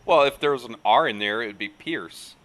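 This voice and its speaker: A man's voice: medium pitch, fairly quick, a bit bright. A man co-hosting a livestream, greeting chat viewers and joking with lots of laughter. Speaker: co-host reading viewer chat. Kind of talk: casual live chat.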